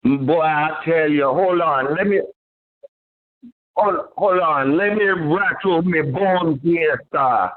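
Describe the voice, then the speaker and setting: Caller doing a loud swaggering mock-Jamaican man, high pitched, drawn out, phone line. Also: slow pace. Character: brash Jamaican man boasting about boxing. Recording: tinny phone line with faint music.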